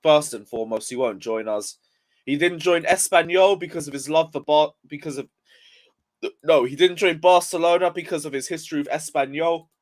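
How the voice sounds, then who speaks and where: A young man, just out of bed and still yawning, vents about his football club on a live stream. He swears freely and reads viewers' comments aloud in a frustrated, casual rant. His voice sits a little high for a man. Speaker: football livestreamer.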